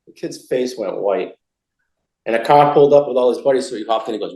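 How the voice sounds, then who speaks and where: A middle-aged Massachusetts storyteller talks casually in an interview, rambling, repeating and restarting throughout. His medium-pitched voice is brisk and dark, and the poor recording has a roomy sound.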